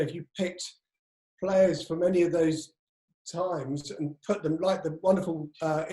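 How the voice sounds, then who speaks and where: A man's voice: fairly high pitch, warm tone. A man, a guest in a casual panel chat, talking in a wry, self-mocking way. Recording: roomy echo.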